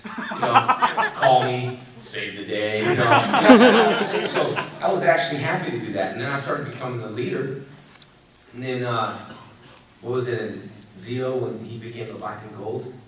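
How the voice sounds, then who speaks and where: A man in his thirties telling stories at a convention Q&A, laughing often and slipping into playful quoted voices. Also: lowish voice. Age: 30s. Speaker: convention panel guest. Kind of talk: animated con Q&A storytelling. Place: large convention hall. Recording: echoey hall, heard from a distance, crowd noise.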